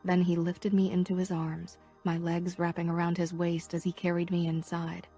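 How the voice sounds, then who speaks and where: A woman reading a first-person romance audiobook in a soft, half-whispered, unhurried way, with faint music behind her. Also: on the low side, monotone, slightly rough. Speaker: audiobook narrator.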